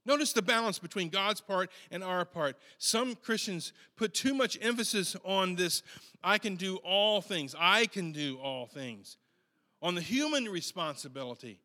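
A man preaching a sermon in an earnest, unhurried way, often restarting and repeating words as he goes. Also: sits high, sharp tone, in a large hall.

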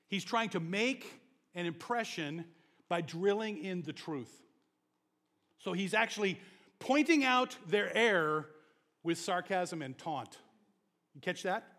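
High-voiced, slow, animated male preacher. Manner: animated storyteller, chuckles, shouts for emphasis. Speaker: pastor. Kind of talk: sermon.

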